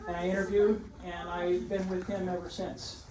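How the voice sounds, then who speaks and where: A man's voice: high voice, flat delivery, moderate pace. A man in his seventies, a retired teacher and coach, giving a joking but emotional dedication speech in a large school gym. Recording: echoey gym, distant mic, background noise.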